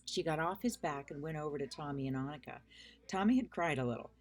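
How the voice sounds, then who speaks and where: A woman reading a children's book aloud in an unhurried, friendly storytelling manner, with casual asides. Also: sits low, expressive, darkish tone. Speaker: reader.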